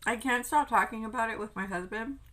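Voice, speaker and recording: A woman's voice: on the high side, fairly quick, bright, forceful tone, low-quality recording. A young woman chatting casually while eating on camera, telling a travel story and swearing now and then. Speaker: vlogger. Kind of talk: casual mukbang chat.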